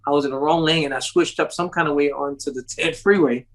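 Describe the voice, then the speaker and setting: Fast but steady in tone, a man tells an extended story while being interviewed, and the recording is rough. Frequent laughter breaks in, and he voices the people he quotes with sharp upward leaps in pitch.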